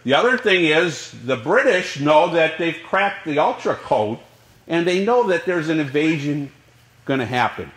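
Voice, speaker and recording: A male college history professor giving a lecture, his voice sitting a little high. He keeps the class involved by asking question after question and answering them himself. The sound is roomy and echoes around the classroom. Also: measured pace. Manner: lively lecturing with rhetorical questions.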